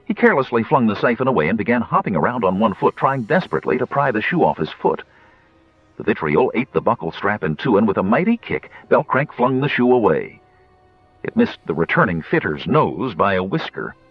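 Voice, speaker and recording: Low, husky, expressive male audiobook narrator. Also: a little fast, no echo, lo-fi sound, soft background music. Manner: expressive storytelling.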